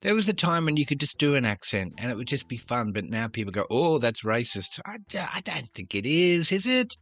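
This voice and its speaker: A man's voice: a little high, big pitch swings, a little fast, a bit bright. A man hosting a trivia podcast, reading questions with jokey, self-deprecating asides. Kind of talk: casual quiz podcast.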